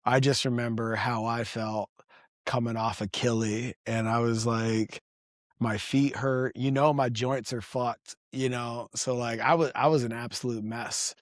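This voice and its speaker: A man telling a story as a podcast guest in casual chat, animated, loose and profane. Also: mid-range voice, a little slow, no room sound, studio quality.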